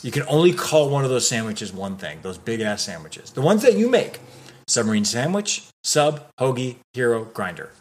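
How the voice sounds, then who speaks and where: A man's voice: mid-range voice, big pitch swings, normal speed, a little hiss or hum. A middle-aged man hosting a podcast, chatting casually and quizzing his guest with teasing questions. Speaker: podcast host. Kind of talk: casual chat.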